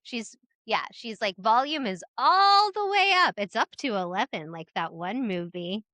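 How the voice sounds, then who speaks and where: A woman's voice: a little high, sing-song, a little slow, bright, forceful tone, no echo. A woman co-hosting a casual recap chat, making joking, sarcastic asides. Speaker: podcast co-host.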